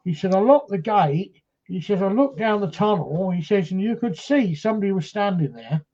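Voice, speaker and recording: Man, raised but mellow voice, storytelling paranormal investigator, lo-fi camcorder sound. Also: high-pitched, lively intonation, moderate pace. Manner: retells a story with many "he says" and acted quotes. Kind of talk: casual storytelling chat.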